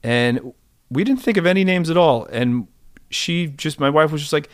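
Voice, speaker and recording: A man in his forties, a podcast guest, chatting casually and telling rambling, animated stories with many restarts. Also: a little high, moderate pace, dry recording, studio quality. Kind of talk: casual interview chat.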